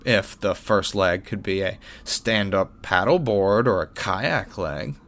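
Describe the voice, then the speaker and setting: A man's voice: lowish voice, a bit bright. A man hosting his own sports podcast, reading a wry, self-mocking script with jokey asides. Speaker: podcast host. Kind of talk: scripted monologue.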